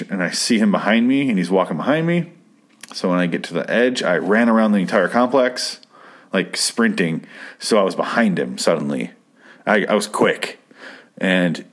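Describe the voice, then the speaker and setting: A man casually telling a long personal anecdote, rambling off on tangents and swearing freely. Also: sits low. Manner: rambling, profane, digressive. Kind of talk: casual storytelling.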